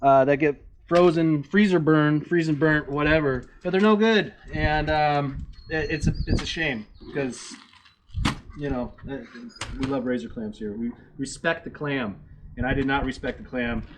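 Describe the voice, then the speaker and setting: A man's voice: fairly high pitch, normal speed, a little hiss or hum. Chatty man hosting a fishing vlog. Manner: chatty, joking, self-mocking. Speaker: fishing channel host. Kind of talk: casual vlog talk.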